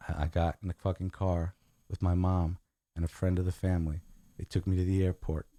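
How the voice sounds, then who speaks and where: An earnest young man from Guatemala and the United States, speaking as a podcast guest. His voice sits very low and sounds dark and mellow, and the sound is close and dry. He keeps dropping "man" into his sentences. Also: level tone, brisk, no room sound. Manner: earnest, repeats "man" often. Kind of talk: casual podcast chat.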